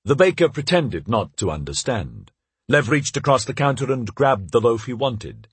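A man narrating an audiobook in an expressive storytelling manner, with a husky voice. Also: normal speed, dry recording. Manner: expressive storytelling with lively pitch.

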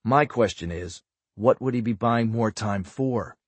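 A man voicing a guarded government agent, low, quiet and measured. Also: slightly rough, no room sound. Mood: guarded calm.

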